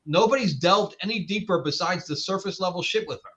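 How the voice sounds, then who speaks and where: A man's voice: high voice, a little fast, a bit bright, low-quality recording. A man co-hosting a podcast in casual chat, blunt and opinionated. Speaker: podcast co-host.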